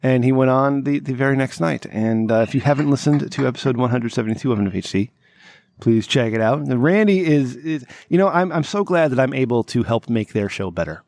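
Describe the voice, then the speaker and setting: A man's voice: mid-range voice, animated, fairly quick, darkish tone, dry recording, studio quality. A man hosting a comedy podcast, rambling and sarcastic with a lot of swearing, groggy from having just woken up. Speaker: podcast host. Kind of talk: casual comedic podcast chat.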